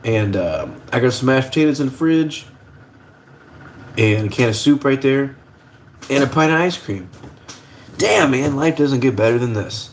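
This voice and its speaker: A man's voice: mid-range voice, animated, moderate pace, pauses often, slight background noise. A young man hosting a casual livestream from his kitchen at the stove, rambling in a laid-back way and swearing casually. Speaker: livestream host.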